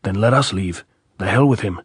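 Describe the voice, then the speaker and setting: An actor playing a rough, impatient male guerrilla fighter who curses, in an audiobook. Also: fairly low pitch, moderate pace, no echo, clean studio sound. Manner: impatient, cursing.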